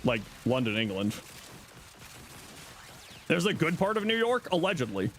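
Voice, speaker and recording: Animated Canadian male game streamer. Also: on the high side, unhurried, slight background noise. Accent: Canadian, Southern Ontario. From Southern Ontario, Canada. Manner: chatty, animated, reads and answers chat aloud. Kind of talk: casual live-stream chat with viewers.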